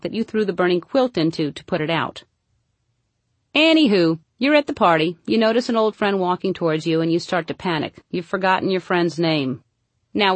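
A woman reading a humorous book aloud, mostly deadpan with sudden playful jumps into high emphasis. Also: no echo. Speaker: narrator. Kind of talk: comic audiobook narration.

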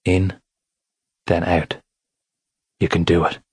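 A man voicing a young man who speaks softly and encouragingly in an audiobook. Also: deep voice, little pitch movement, takes it slowly, breathy edge, dry recording, clean studio sound, full character voice. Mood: tender. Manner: soft, encouraging. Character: young man, gently coaxing protector.

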